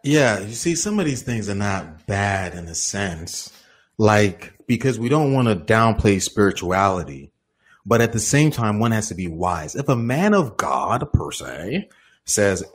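A male minister giving casual, animated advice in a question-and-answer talk, often acting out the people he quotes and laughing. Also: fairly low pitch, measured pace, slightly rough.

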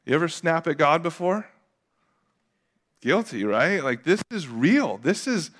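A young adult man preaching a sermon as a pastor, casual and confessional, with lively acted asides. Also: mid-range voice, unhurried.

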